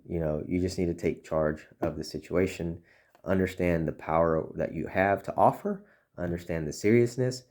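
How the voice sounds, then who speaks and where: This man, a chiropractic consultant, talks earnestly and casually to fellow chiropractors while coaching them, frequently restarting, repeating himself and dropping "you know." His voice sits low with a dark tone.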